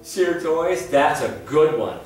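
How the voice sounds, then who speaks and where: A woman's voice: low voice, animated, slow, a little mellow. A woman playfully interviewing young children with teasing questions and exclamations. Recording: echoey room from far off, music behind. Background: music.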